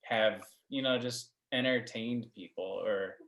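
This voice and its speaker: Reflective, halting guest, mid-range voice, echoey room. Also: medium pitch, a bit bright. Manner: reflective, hesitant. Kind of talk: casual chat. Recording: roomy echo.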